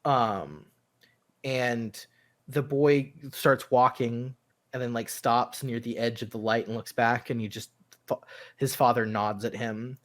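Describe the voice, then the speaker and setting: A man running a tabletop role-playing game as narrator. He talks slowly and haltingly, pausing often with fillers, his voice at a middling pitch. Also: steady tone, fairly bright tone. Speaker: game master.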